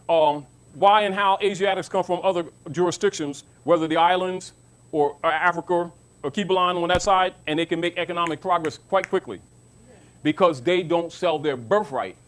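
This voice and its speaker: A man with a high voice delivers an informal teaching talk to a listening audience. He speaks emphatically, repeats phrases and often asks whether his listeners understand. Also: normal speed, a bit bright. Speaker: lecturer.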